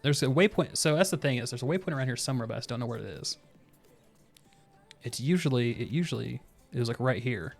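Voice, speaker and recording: A man's voice: mid-range voice, animated, fast talker, creaky, faint music behind. A young man giving casual, rambling commentary while he plays a video game, often laughing to himself. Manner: laid-back, laughing, rambling asides. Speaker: streamer.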